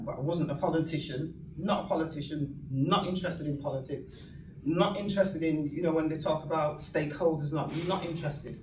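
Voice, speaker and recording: A woman, giving an animated, humorous storytelling speech to an audience. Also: low-pitched. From northern England. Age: 60s. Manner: animated, humorous, acts out quoted voices. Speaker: guest speaker. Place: event venue room. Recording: echoey room, distant mic, audience noise.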